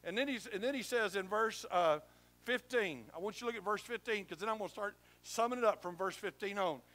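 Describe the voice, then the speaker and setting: A pastor preaches from the pulpit in a folksy, emphatic way, teasing his listeners as he goes. His voice sits high for a man and rings bright and forceful. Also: fairly quick. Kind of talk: sermon. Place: church sanctuary.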